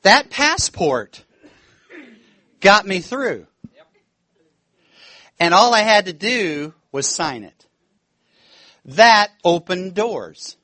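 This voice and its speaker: A man's voice: high voice, extremely slow, long pauses, no room sound. A man preaching a sermon in church, telling a story with laughter and acting out the voices in it. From United States. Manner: animated, laughing, acts out quoted voices.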